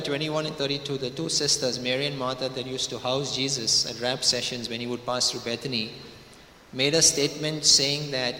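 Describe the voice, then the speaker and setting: A male preacher delivers his sermon with a bright, forceful voice. He leans hard on key words, stretching them out and repeating lines for weight. The sound rings in a large hall with long reverb and a faint hum of ambience. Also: mid-range voice, fairly even intonation, a little fast. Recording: echoey hall.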